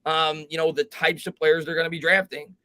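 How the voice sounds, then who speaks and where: A man hosting a live sports talk stream, reading viewer comments aloud and thinking out loud with frequent restarts. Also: on the high side, little pitch movement, a little fast, dry recording. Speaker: host.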